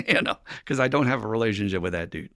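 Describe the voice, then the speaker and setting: A man's voice: lowish voice, animated, quick pace, bright, forceful tone. A man from the United States hosting a podcast about recovery, speaking frankly and bluntly as a sponsor, swearing and laughing often. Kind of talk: candid podcast talk on recovery.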